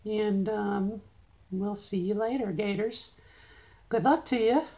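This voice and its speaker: A middle-aged woman talking in a casual video diary, halting and full of fillers as she speaks in a deliberately higher register. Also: warm tone, low-quality recording. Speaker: video diarist.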